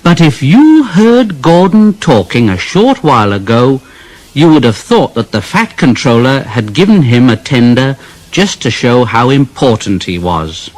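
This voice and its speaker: A man reading a children's storybook aloud in a slow, expressive way. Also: mid-range voice. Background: background music.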